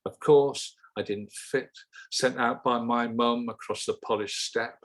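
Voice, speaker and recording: A man who grew up in Liverpool, a poet talking haltingly about his work and then reading a poem in a steady, measured way over a video call. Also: mid-range voice. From Liverpool, England. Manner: halting, self-correcting chat, then steady measured recital. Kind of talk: poetry reading and discussion.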